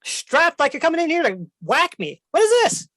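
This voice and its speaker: A man's voice: very high-pitched, big pitch swings, normal speed, pushed and bright, no room sound, studio quality, pitched above the performer's own voice, heavily acted. A man voicing a crude, aggressive, horse-sized male dragon who swears and talks street slang in a tabletop game. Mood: hostile. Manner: snarling, swearing, hostile.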